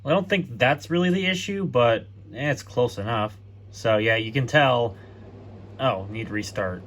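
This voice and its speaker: Speaking a little slowly, this man has a medium-pitched, somewhat bright voice. He's a tech vlogger loosely narrating his laptop setup, musing aloud and fixing his own slips.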